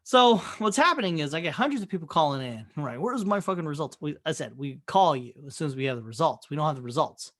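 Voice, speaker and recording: A man in his thirties, a podcast co-host, telling stories in a casual, profane, animated way. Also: on the high side, quick pace, hardly any pauses. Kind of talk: casual chat.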